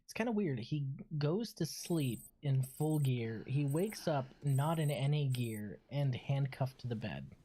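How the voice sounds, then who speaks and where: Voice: mid-range voice, animated, unhurried, few pauses, warm tone, a little hiss or hum. A streamer giving casual, joking commentary while playing, chatting along and talking to a pet.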